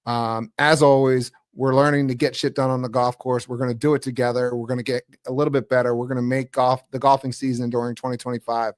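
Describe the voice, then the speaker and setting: A man's voice: mid-range voice, flat delivery, fast, hardly any pauses, dry recording, studio quality. A man hosting a golf podcast, thanking his guest and wrapping up the show in an upbeat, promotional way. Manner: upbeat, promotional wrap-up host talk. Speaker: podcast host. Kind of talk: casual podcast interview.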